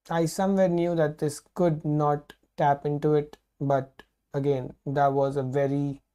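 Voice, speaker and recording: A man's voice: mid-range voice, warm tone. A man giving live trading commentary, talking through his thoughts and swearing out of frustration. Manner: frustrated, swears often, thinks aloud. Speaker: livestream trader.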